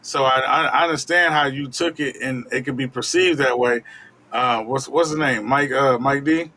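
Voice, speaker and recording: A man co-hosting a casual commentary show, weighing both sides in a reasoned, measured way. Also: mid-range voice, steady tone, sharp tone, slight background noise.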